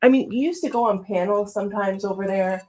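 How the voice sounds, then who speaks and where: A woman's voice: mid-range voice, brisk, darkish tone. Woman host, casual talk, lots of you-knows and likes. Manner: conversational, many fillers like "you know". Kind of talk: casual chat.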